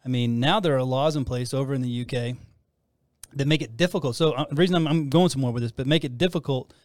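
Fast and slightly mellow, the average-pitched voice of this male host carries his casual faith talk show, where he rambles and keeps restarting. Close, dry audio with no echo.

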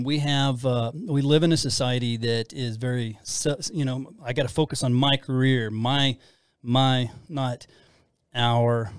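A man's voice: medium pitch, smooth, no echo, clean studio sound. A middle-aged man co-hosting a casual faith-based talk about marriage, rambling and self-deprecating with frequent restarts. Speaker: podcast co-host.

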